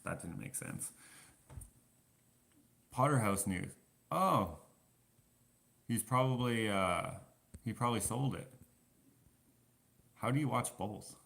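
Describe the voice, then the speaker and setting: A man rambling through a casual live-stream chat with viewers, self-deprecating and quick to laugh. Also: on the low side, expressive, vocal fry, a bit bright. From Canada. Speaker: vlogger answering live chat.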